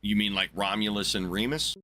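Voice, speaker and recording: A man with a Southern US drawl argues as a debate host. He is brash and profane, and his voice has a tense, forceful brightness sitting on a fairly low pitch. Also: fairly quick, no echo, low-quality recording. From Southeast United States. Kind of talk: heated casual debate.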